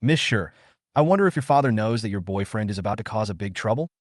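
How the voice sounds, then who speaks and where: A man voicing a composed young man who runs a nightclub, speaking in a cool, measured way. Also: on the low side, lively intonation, no room sound, clean studio sound.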